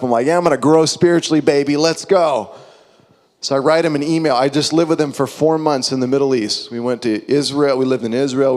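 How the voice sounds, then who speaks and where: A young man preaching with a lively, conversational delivery, slipping into quoted voices to make his point. His voice sits a little high for a man. It rings out with a long hall reverb. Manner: animated, conversational, acts out quotes. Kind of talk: sermon.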